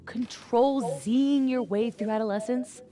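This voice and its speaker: A woman's voice: fairly high pitch, a little slow, lightly acted. An actress voicing a sardonic young woman in a game clip. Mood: sarcastic. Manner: wry, sarcastic. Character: sardonic young woman mocking teen years. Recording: game clip with crowd noise.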